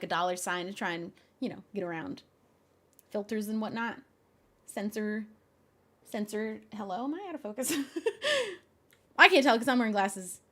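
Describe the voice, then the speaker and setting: A young woman streamer chats casually with her audience, her pitch sitting a little high and bouncing all over. She sounds exasperated one moment and laughing the next. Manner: animated, exasperated, laughs often. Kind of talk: casual live-stream chat.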